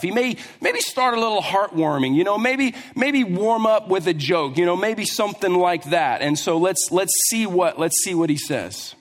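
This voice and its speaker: A man preaching a sermon, telling a Bible story with lively asides and acting out the characters. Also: high-pitched. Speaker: pastor. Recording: long hall reverb.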